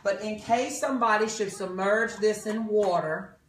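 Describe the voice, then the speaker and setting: A man's voice: high voice, moderate pace, a bit bright, roomy sound, recorded from a distance, slight background noise, rough recording. Folksy man demoing kitchen tools. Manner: folksy, jokey, chatty with guests. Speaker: cooking demonstrator. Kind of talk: live kitchen product demo. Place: kitchen with live guests.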